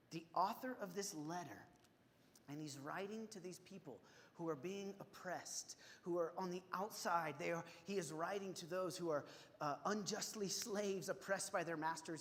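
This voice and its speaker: High-voiced male pastor, casual sermon. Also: fairly bright tone, slight background noise. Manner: conversational, many restarts, acts out quotes with rising intensity. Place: church sanctuary. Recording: church sanctuary reverb.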